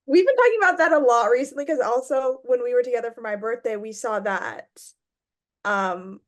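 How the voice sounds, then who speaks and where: A young woman co-hosting a casual podcast, with a voice a touch higher than most. She chats in a quick, animated way and readily agrees with her co-host. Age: young adult. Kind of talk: casual chat.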